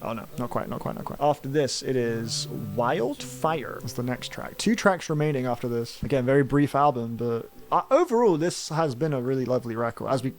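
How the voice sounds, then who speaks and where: A young man reacting to an album in casual, excitable talk, full of slang, "like" and "man". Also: medium pitch, fairly quick, hardly any pauses, a little hiss or hum. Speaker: music reviewer. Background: album playing faintly.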